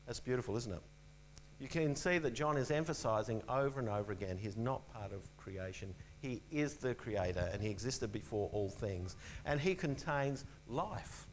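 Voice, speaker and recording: A man preaching a sermon in an earnest, emphatic way, repeating key phrases and dropping to a soft low voice on the important ones. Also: animated, normal speed, a little hiss or hum, poor audio.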